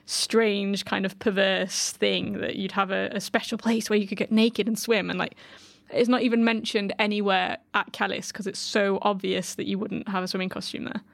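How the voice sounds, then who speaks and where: A woman's voice: mid-range voice, level tone, moderate pace, creaky, no echo. A woman from the UK, chatting casually on a podcast panel, with lots of "like".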